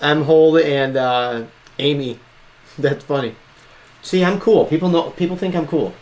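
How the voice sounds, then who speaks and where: A man in his fifties joking around in a casual cooking chat, playful and quick to laugh. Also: a little high, a little mellow. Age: 50s. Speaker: co-host.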